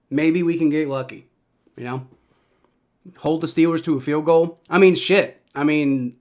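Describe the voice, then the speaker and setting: A young man's slightly high voice carries his excitable live reaction to a football game. He swears as he responds to each play.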